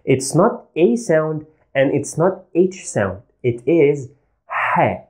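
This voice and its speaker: An Arabic language teacher gives a slow, deliberate pronunciation lesson, patiently repeating each letter's sound for learners. His voice is slightly high with a dark tone.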